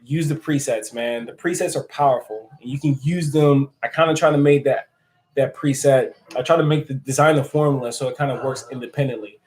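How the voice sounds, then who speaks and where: A man's voice: medium pitch, steady tone, brisk, darkish tone, rough recording. A man hosting a casual live stream who answers viewer comments and laughs often. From United States. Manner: chatty and joking, laughs often.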